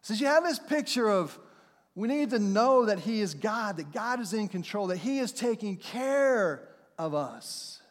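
At a measured pace, a middle-aged man preaches as pastor, his voice sitting high and expressive. He talks conversationally, acting out playful voices and laughing at his points. There's long hall reverb from the church sanctuary.

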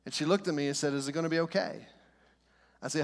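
A middle-aged man, a pastor, preaching a sermon with dramatic pauses and repeated reassurances. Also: on the high side. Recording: long hall reverb.

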